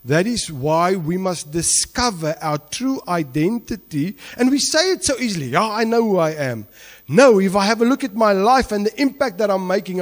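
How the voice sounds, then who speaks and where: A middle-aged man with a South African English accent preaching a sermon, telling a story with sudden jumps from hushed tones to shouting. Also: high voice. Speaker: pastor. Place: church hall. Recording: long hall reverb.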